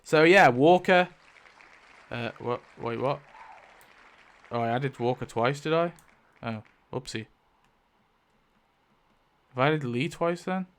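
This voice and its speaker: A man giving casual, animated commentary as he rewrites a story, thinking aloud, swearing and exclaiming in mock outrage. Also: mid-range voice, slow, long pauses, clear, resonant tone. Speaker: YouTube creator.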